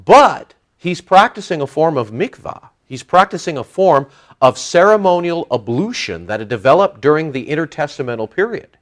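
A man teaching from the Bible in a sermon, animated and joking, acting out the people he quotes. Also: a little high. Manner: animated, jokey, acts out quoted voices. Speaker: preacher.

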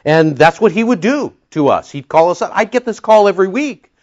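A male pastor preaches in a rambling, storytelling way, full of asides. His voice is fairly high for a man and swings widely in pitch. The recording has a muffled, lo-fi sound. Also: animated, a little fast, a little mellow. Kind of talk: sermon. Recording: dull lo-fi recording.

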